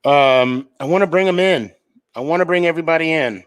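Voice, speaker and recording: A man hosts a live sports podcast, talking loosely and casually with plenty of fillers and restarts. His voice sits a little high for a man. He rambles from one point to the next in a relaxed way. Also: fairly quick, clear, resonant tone.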